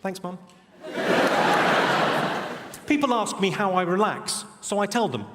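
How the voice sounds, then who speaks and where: A male stand-up comedian with a posh English accent, delivering dry, deadpan one-liners on a theatre stage. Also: sits high, a little slow, very noisy. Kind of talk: stand-up routine. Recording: reverberant theatre, loud crowd.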